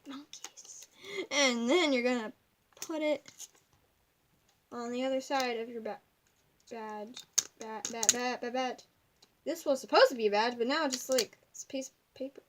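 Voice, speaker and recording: A woman's voice: a little high, normal speed, long pauses, slight background noise. A young woman at home giving a rambling, giggly craft tutorial that keeps drifting off topic. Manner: rambling, giggly, easily sidetracked. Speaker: craft video maker.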